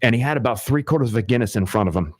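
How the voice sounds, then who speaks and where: A man hosting talk radio, chatty and animated as he tells a long story from his restaurant days. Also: mid-range voice, rapid-fire, no room sound. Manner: chatty, animated, many fillers. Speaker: radio talk show host. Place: radio studio. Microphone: studio microphone.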